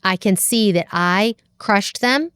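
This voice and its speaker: A woman's voice: medium pitch, slow pace, a bit bright, clear, resonant tone, dry recording, studio quality. A woman talking through parenting in an earnest, reflective way as a podcast guest. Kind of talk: casual conversation about parenting.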